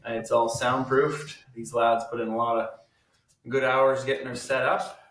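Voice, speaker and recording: Easygoing bright-voiced band guest, roomy. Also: male voice, mid-range voice, little pitch movement, moderate pace. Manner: easygoing storyteller. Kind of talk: casual chat. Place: soundproofed basement studio. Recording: roomy, distant mic, faint noise.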